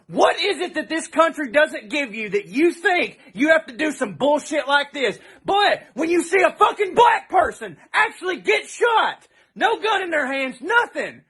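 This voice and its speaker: Man, very high voice, bright and piercing, angry shouting rant, sarcastic, profane. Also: big pitch swings, normal speed. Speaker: podcast host.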